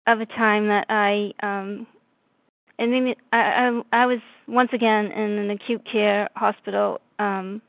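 A woman from north of Boston sharing her story in a halting way, full of fillers and restarts, over a video call. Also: medium pitch, creaky, no echo. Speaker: meeting member sharing. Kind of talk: personal recovery share. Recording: tinny phone-like call audio.

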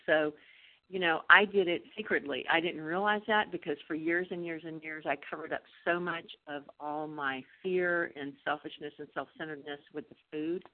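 Woman sharing over a tinny phone. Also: deep voice. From Northern California. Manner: candid, loose, halting with ums. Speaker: meeting member sharing. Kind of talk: personal share at a recovery meeting. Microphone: phone call.

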